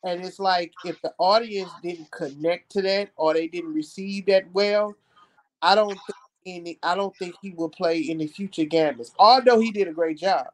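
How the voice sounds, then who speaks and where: Animated high-voiced man chatting films. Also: moderate pace, poor audio. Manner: animated, repeats phrases for emphasis. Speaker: podcast host. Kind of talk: casual film discussion.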